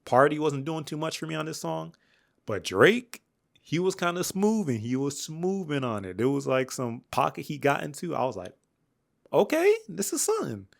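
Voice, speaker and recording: A young man giving a candid, slangy album review, rambling with fillers and restarts, dropping to low mutters and jumping up when excited. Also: normal speed, creaky. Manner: swings between flat mutters and excited highs. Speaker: music reviewer. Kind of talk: casual album review monologue.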